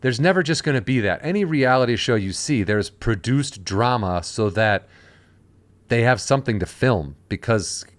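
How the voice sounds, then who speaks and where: A man's voice: mid-range voice, lively intonation, moderate pace, dry recording. Man telling stories, dry close sound. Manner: storytelling, acting out quoted voices. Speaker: podcast host. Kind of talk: casual podcast chat.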